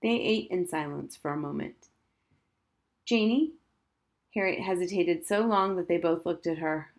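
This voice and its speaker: Audiobook narrator, woman, fairly low voice, steady expressive reading. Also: normal speed. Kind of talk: scripted narration.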